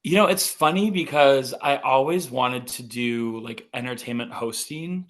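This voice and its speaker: Chatty male podcast guest in his thirties, light North Dakota vowels, mid-pitched, upbeat storyteller. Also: unhurried. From North Dakota, USA. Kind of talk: casual interview chat.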